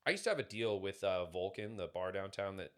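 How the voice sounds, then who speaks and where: A man's voice: deep voice, expressive, fairly quick, clear, resonant tone. A man talking casually on a podcast, rambling through stories with lots of fillers. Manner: rambling, filler-heavy storytelling. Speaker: podcast guest.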